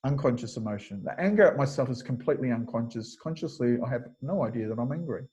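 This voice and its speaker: A man's voice: medium pitch, expressive, fast, mellow, breathy edge, low-quality recording. A man teaching a webinar lecture over a video call, explaining step by step and thinking aloud with frequent fillers. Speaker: kinesiology teacher.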